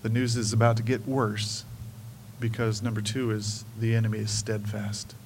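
A man preaching a sermon in an emphatic way, swinging between hushed and raised delivery. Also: on the low side, level tone, normal speed, vocal fry, slight background noise, low-quality recording.

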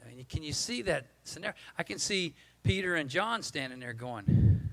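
A man in his sixties, a pastor, preaching a storytelling sermon in an animated, humorous way, acting out the people in his stories. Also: fairly high pitch, normal speed, gravelly, poor audio.

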